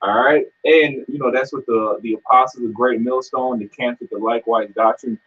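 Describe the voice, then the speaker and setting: A man reading scripture aloud in a preaching discussion, measured and urging, with a husky voice. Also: mid-range voice, steady tone, a bit bright. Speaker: scripture reader. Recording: dull lo-fi sound.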